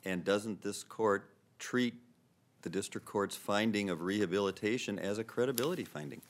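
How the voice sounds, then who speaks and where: Deep-voiced male judge questioning counsel. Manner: measured, pointed questioning. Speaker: appellate judge.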